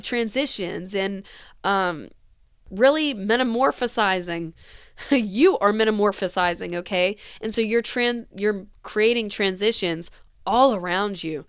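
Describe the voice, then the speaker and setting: A woman gives a tarot reading in an earnest, gentle voice, wandering through her thoughts with small laughs. Her tone is smooth and clear. She sits close to a dry microphone. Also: mid-range voice, dry recording. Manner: earnest, gentle, rambling with fillers and little laughs. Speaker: tarot reader. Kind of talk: intuitive tarot reading for viewers.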